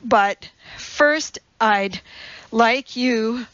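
A woman's voice: fairly high pitch, very slow, a bit bright, no echo, dull audio. A woman voicing an exhausted young male athlete who pants between words in a storybook reading. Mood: breathless.

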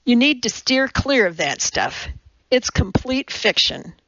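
A woman doing a blunt, gruff older woman. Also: on the high side, sing-song, unhurried, a bit bright, no echo, highs cut off, voice pushed up, exaggerated voice. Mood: brusque. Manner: blunt, clipped, no-nonsense.

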